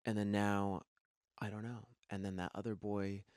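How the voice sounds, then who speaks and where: A man co-hosting a podcast in a studio, an animated storyteller who acts out other people's lines in casual chat. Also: fairly low pitch, moderate pace, clean tone, no room sound. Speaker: podcast co-host.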